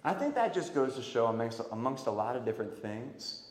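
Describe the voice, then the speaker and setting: A man preaching a sermon, swinging from loud emphatic calls to quiet earnest pleas. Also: medium pitch, big pitch swings, brisk. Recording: echoey hall.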